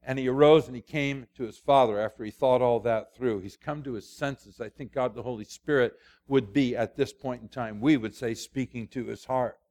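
A man's voice: mid-range voice, normal speed, a little mellow. An older man, a preacher, giving a conversational sermon in a folksy, storytelling way with asides.

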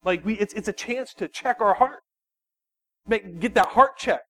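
A man, a youth pastor, giving an animated sermon full of personal storytelling and quick restarts. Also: high-pitched. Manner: animated, self-deprecating storytelling with frequent restarts.

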